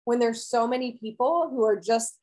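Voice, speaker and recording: A woman's voice: fairly high pitch, moderate pace, a little mellow, rough recording. A woman wellness coach giving an earnest, encouraging motivational talk to her viewers, repeating key phrases and often asking "right?".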